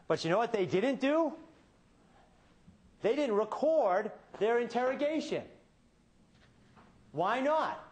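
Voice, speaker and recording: A man with a voice that sits high argues for the defense in his closing to a courtroom jury. Rhetorical questions come one after another, broken by dramatic pauses, and he swings abruptly from hushed to forceful.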